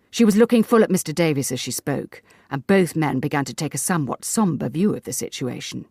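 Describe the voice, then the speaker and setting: A woman narrating a classic short story for an audiobook in a measured, even manner. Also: sits low, husky, no room sound, studio quality.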